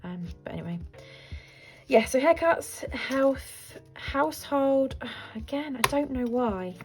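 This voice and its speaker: A woman's voice: sits high, expressive, slow, over music. A woman in her thirties, a budgeting vlogger chatting casually to camera in a rambling, self-deprecating way.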